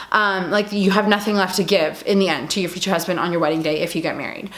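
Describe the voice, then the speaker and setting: A woman's voice: mid-range voice, fairly bright tone, reverberant. A woman speaking earnestly to camera as a vlogger, heartfelt and apologetic, with frequent fillers like "like" and "um".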